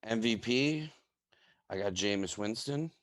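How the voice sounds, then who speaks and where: A man's voice: lowish voice, lively intonation, a little slow, slight background noise. A young man co-hosting a podcast, chatting casually about sports in a brash manner and swearing freely. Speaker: podcast co-host.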